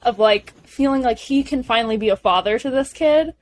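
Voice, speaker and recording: Chatty young woman, slightly high voice. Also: a little fast, dry recording. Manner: gushing, animated retelling of scenes. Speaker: podcast co-host. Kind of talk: casual film discussion chat.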